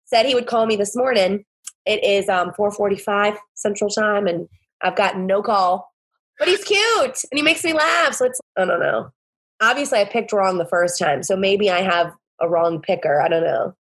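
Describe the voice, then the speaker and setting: A woman in her thirties from the American South, a podcast guest telling animated, exasperated stories with laughter. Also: mid-range voice, normal speed, husky. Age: 30s. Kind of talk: casual storytelling chat.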